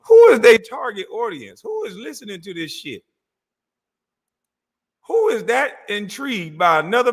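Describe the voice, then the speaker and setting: A man hosting his own channel, cursing and mocking as he reacts to clips. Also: high-pitched. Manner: mocking, cursing, laughing loudly. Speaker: commentary channel host. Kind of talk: profane reaction rant.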